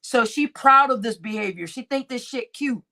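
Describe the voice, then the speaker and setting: A woman hosting a livestream reaction show speaks in a fairly high, bright, forceful voice at normal speed, with lots of expression. Her casual commentary is indignant and mocking, and she repeats lines while laughing.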